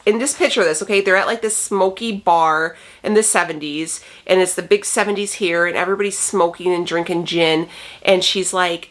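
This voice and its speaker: Chatty woman with a gravelly, lowish voice, narrating true crime casually. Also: steady tone, a bit bright. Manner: chatty, acts out quotes in quick bursts. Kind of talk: casual storytelling.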